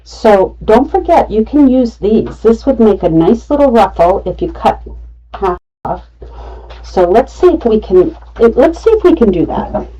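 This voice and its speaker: Middle-aged lady doing a craft demo, slow and easygoing, mellow low-ish voice, a bit muffled and far from the mic. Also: very animated. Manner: chatty, talks herself through each cut. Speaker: craft demonstrator. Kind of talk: live craft tutorial.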